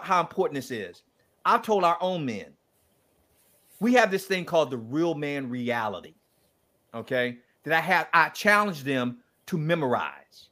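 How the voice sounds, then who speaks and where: High-voiced guy preaching in an interview, emphatic and animated. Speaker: guest speaker and author. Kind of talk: passionate interview conversation.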